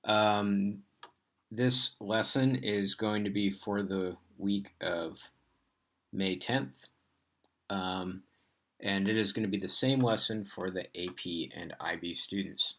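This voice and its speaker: A man teaching a recorded introductory physics lesson in a casual, relaxed way, often pausing with fillers. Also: lowish voice.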